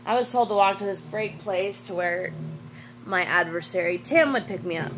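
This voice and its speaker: A woman talks straight into the camera in a hotel room, swearing freely as she recounts a rough stretch of travel. She keeps stopping to correct herself mid-sentence. A faint hum sits under her voice the whole time. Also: mid-range voice, normal speed, a bit bright, low-quality recording. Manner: blunt and profane, with self-corrections. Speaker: vlogger. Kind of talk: casual storytelling monologue.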